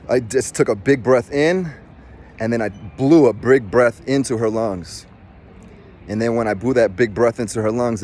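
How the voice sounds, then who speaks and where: A man's voice: fairly low pitch, darkish tone, slight background noise. A middle-aged man, a former Marine, telling a personal story in casual, rambling speech with many restarts. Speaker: former Marine recounting a rescue.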